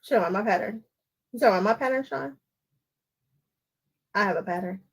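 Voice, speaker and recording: A woman's voice: mid-range voice, normal speed, creaky, breathy edge. A woman hosting a live paper-piecing stream, chatting casually and going off on tangents while she talks to viewers by name. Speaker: quilting livestream host. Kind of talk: casual live crafting chat.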